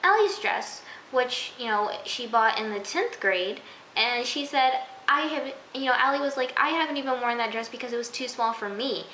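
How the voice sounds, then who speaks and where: A woman's voice: on the high side, moderate pace, pushed and bright. A young woman recapping a TV episode in a chatty, giggly way, full of "like" and "you know". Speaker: TV episode reviewer. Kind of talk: casual recap vlog. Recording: echoey room with faint hiss.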